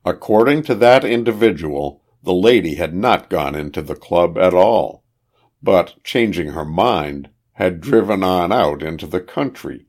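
A man reading a period detective novel aloud, measured and steady, lifting his voice for the characters' dialogue. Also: low voice. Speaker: audiobook narrator.

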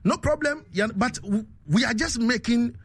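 A man's voice: extremely high pitch, normal speed, breathy edge, no echo. A man with a Ghanaian accent hosting a casual radio show, reading out listener messages and laughing often. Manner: animated, laughs often, repeats "you understand me".

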